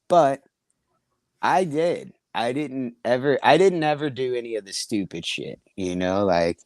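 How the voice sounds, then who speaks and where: A man's voice: mid-range voice, lively intonation, a little slow, a little mellow, no echo. A middle-aged man casually telling profane, rambling anecdotes on a comedy podcast, often laughing as he talks. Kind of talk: casual storytelling chat.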